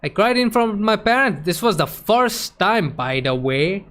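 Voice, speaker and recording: A man streaming, telling a personal story in an emotional, animated way and acting out the other people's voices. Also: sits high, moderate pace. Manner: emotional, animated retelling that acts out quoted voices. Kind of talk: casual storytelling on a live stream.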